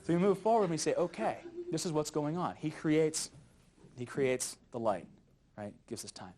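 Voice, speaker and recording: A man teaching a youth Bible study lesson in a jokey, animated way, often chuckling at his own jokes. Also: a little high, normal speed.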